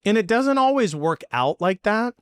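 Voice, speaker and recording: A man hosting a podcast, telling a story in a casual chat and acting out the quotes with lively energy. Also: high-pitched, normal speed, clear, resonant tone, no echo, clean studio sound. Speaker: podcast host.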